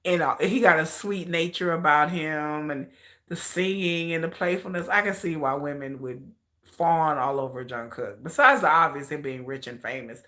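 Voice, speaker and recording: A woman hosting a livestream in casual chat, animated and slangy, often laughing as she talks. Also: low voice, normal speed. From United States. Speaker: livestream host.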